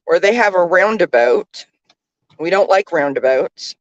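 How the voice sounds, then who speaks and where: A woman's voice: fairly low pitch, expressive, a little slow, dry recording, lo-fi sound. A woman chatting casually from the passenger seat of a moving car, keeping up a running commentary full of fillers. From Canada. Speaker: vlogger, tarot reader. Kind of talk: casual chat while riding in a car.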